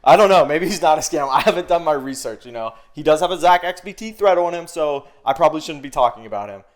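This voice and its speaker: A man's voice: fairly high pitch, animated, quick pace. A man telling a story in casual podcast chat, swearing freely and acting out quoted dialogue. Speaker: podcast guest.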